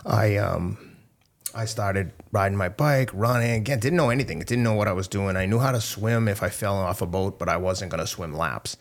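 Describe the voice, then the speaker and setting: A man's voice: fairly low pitch, moderate pace. A middle-aged man talking candidly as a podcast guest, swearing freely and getting choked up. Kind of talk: candid interview talk.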